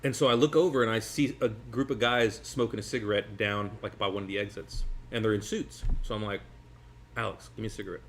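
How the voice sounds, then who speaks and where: Man in his forties, rapid and low-pitched, rambling storyteller who laughs as he talks. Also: a little hiss or hum. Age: 40s. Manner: animated, rambling, laughs between phrases. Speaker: magician guest. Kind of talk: casual storytelling over a meal.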